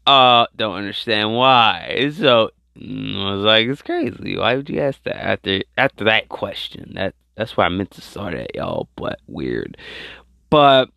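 A man's voice: medium pitch, vocal fry, pushed and bright, no echo, studio quality. A man hosting his own podcast, rambling in slangy casual commentary and repeating himself a lot. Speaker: podcast host.

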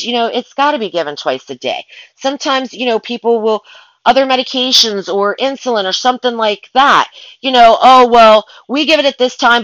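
Exasperated pet sitter woman, lively pitch. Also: no room sound, lo-fi sound. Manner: exasperated, rambling, frequent restarts. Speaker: pet sitter and dog walker. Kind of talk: casual vlog rant.

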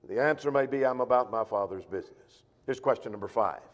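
Man preaching in an echoing hall. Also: mid-range voice. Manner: measured, slows to quote scripture. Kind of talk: sermon. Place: church auditorium. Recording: long echo of a church hall.

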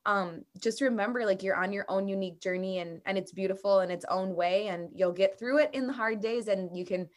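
A woman's voice: mid-range voice, brisk. A young woman hosting a podcast, chatty, candid and bubbly as she shares stories with a guest. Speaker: podcast host. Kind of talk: casual podcast chat.

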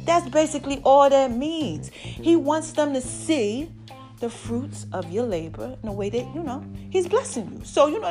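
A woman hosting her own podcast, talking casually and excitedly to her listeners, laughing often. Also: high voice. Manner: hyped, expressive, laughs often. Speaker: podcast host.

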